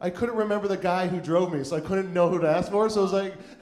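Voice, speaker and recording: A man on a comedy club stage tells a story in a rambling, self-mocking way, stumbling over restarts and filling gaps with "like." His voice sits a bit high for a man, and the sound rings around the room. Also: fast, hardly any pauses, echoey room. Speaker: stand-up comedian. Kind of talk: stand-up storytelling.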